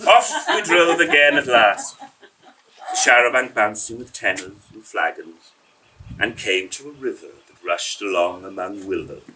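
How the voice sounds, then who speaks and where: A man performing a story for a live audience, rhythmic and expressive, savouring every word. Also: lowish voice, measured pace, recorded from a distance, slight background noise, low-quality recording. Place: indoor evening storytelling event.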